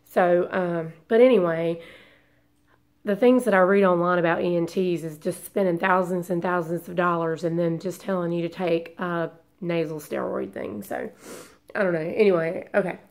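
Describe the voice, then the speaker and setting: A woman's voice: fairly low pitch, normal speed. A woman beauty vlogger chatting casually to camera, congested from a long illness, rambling and hesitant with many restarts.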